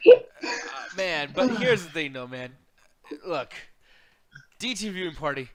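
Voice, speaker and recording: A man's voice: on the high side, very animated, measured pace, a bit bright. A man co-hosting a wrestling reaction show, sounding worn out and swearing loosely in casual chat.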